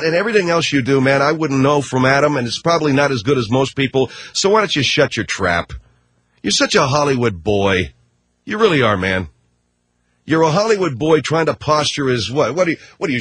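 A man's voice: a little high, animated, normal speed, a bit bright, breathy edge, no room sound. A man ranting on talk radio in a combative, sarcastic, mocking way. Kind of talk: radio rant.

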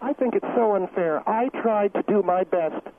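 A man's voice: high voice, normal speed, pitched above the performer's own voice, natural voice. A man voicing a defensive middle-aged woman dance teacher on a comedic phone-in, indignant and self-pitying. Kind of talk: comedic phone-in role-play. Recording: tinny phone line with noise.

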